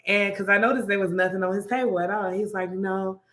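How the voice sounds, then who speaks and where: Young woman, casual chat, mid pitch, echoey room, acts out dialogue. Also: a little fast. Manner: animated storyteller who acts out quotes. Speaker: restaurant manager and podcast co-host.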